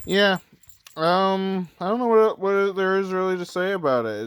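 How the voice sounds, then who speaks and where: A man's voice: sits high, moderate pace, fairly bright tone, smooth, dry recording. A young man, hesitant and rambling with lots of fillers, sounding tired as he records a casual review late at night. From Canada. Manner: hesitant, rambling, self-deprecating, many fillers. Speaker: toy reviewer.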